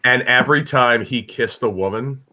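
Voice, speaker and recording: A man's voice: medium pitch, normal speed, pushed and bright. A man in a casual comedy chat, bantering loosely with jokes and swearing. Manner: loose, joking, profane banter. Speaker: podcast participant.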